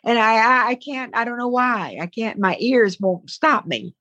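In a casual interview, an older Southern American woman who does voice-over work shares anecdotes that meander with frequent asides. Her voice is on the high side, bright and forceful at normal speed, captured in a muffled recording without echo.

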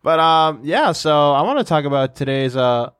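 A man's voice: a little high, lively intonation, normal speed, a bit bright. A man hosting a podcast, leading casual chat and telling playful stories with a laugh. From Boston area. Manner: storytelling, playful, laughs at own jokes. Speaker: podcast host.

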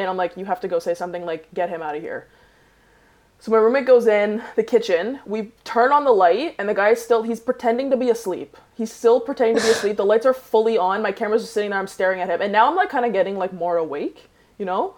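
A young woman telling an anecdote in casual chat, animated and full of fillers like "like". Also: mid-range voice. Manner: animated, filler-heavy, acts out dialogue.

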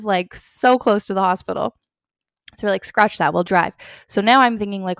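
A young woman tells a story straight to the camera in an easy, rambling way, leaning on filler words and replaying her own past thoughts aloud. Her voice carries a gravelly fry at the ends of phrases. The sound is close and dry, with no room around it. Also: medium pitch, quick pace, no echo. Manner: chatty, full of "like" fillers, acts out her own past lines. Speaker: vlogger. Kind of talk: casual storytelling.

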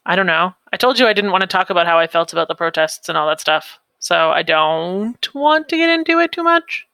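A woman from Canada co-hosts a casual podcast, keeping her answers brief and guarded. Her voice is gravelly with creak, yet bright and smooth. It sounds dry and close to the mic. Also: lowish voice, animated, a little fast, no echo. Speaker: podcast co-host.

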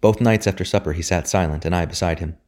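A man's voice: low voice, fast, a little mellow, lightly acted. A man reading an audiobook voices an earnest, troubled young man speaking steadily.

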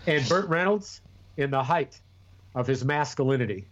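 A man's voice: medium pitch, expressive, moderate pace, a bit bright, highs cut off. A man co-hosting a podcast in casual chat, rambling and profane with many restarts. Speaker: podcast co-host.

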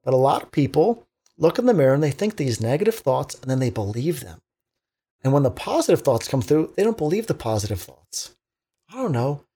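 A man with a somewhat high voice talks in a casual podcast chat. He preaches self-care with energy and acts out little quoted exchanges along the way. The sound is close and plain. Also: brisk, slightly rough. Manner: animated, preachy motivational talk with acted-out quotes. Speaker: teacher.

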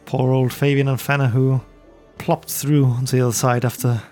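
A man's voice: mid-range voice, flat delivery, normal speed, a little mellow, faint music behind. A man co-hosting a tabletop game podcast as game master, talking in a laid-back way. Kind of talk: casual chat and game narration.

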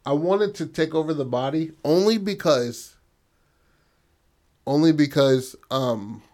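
A young man co-hosting, pitching movie plot ideas in casual, crude chat and often asking his partner for agreement. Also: expressive, a little slow, darkish tone. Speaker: co-host brainstorming a story.

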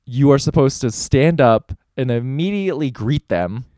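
A man's voice: mid-range voice, animated, moderate pace, mellow, no room sound, clean studio sound. A young man co-hosting a casual podcast, telling a candid story with frequent swearing. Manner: candid, profane storytelling, voices for quoted people. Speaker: podcast co-host.

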